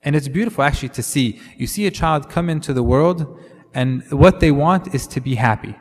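A man's voice: a little high, animated, fairly quick. A man preaching a sermon in a conversational way, often slipping in Arabic fillers. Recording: long hall reverb.

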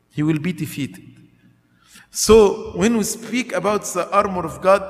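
Slow, emphatic preacher in a reverberant hall. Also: male voice, high voice, creaky. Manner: slow, emphatic preaching with numbered points and rhetorical questions. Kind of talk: sermon.

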